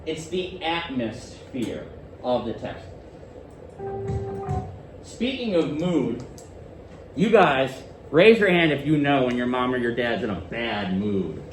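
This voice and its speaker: A male teacher leading a classroom lesson, animated and questioning his students. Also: medium pitch, takes it slowly, pauses often, echoey room, distant mic, over music, rough recording.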